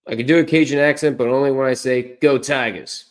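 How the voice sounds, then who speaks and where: A man's voice: mid-range voice, steady tone, fast talker, smooth. A man streaming college basketball, talking off the cuff in a loose, rambling way. He keeps correcting himself mid-sentence and jokes at his own expense. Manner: rambling, self-correcting, self-deprecating. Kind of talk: casual live-stream commentary.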